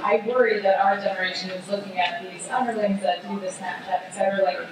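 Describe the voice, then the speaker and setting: A woman's voice: mid-range voice, steady tone, fast talker. Casual woman on an echoey panel. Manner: casual, lots of "like". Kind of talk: conference panel talk. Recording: echoey hall, distant mic, room noise.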